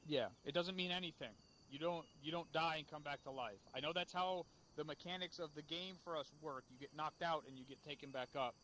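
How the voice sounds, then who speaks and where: A man's voice: a little high, fairly quick, hardly any pauses, sharp tone, a little hiss or hum. A man leading a game unit's after-action debrief, blunt and profane as he scolds. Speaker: unit leader.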